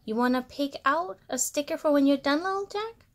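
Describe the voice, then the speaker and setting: A woman's voice: sits high, lively intonation, brisk. A woman voicing a kind, cheerful young girl who doctors toys, in a storybook reading. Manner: upbeat, reassuring.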